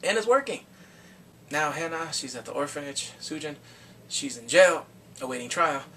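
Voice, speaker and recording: An excitable man chats through a drama recap. His pitch swings widely as he acts out the scenes. He sits away from the mic, with a faint noise behind him. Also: normal speed, distant mic, poor audio. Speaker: drama reviewer. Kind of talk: casual recap vlog.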